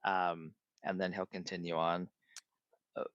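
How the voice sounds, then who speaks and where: A man narrates his character's actions in a tabletop game, measured and full of small fillers. His voice sits low. The recording is dry and dull. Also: steady tone, creaky, a bit bright, no echo. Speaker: player. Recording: dull lo-fi sound.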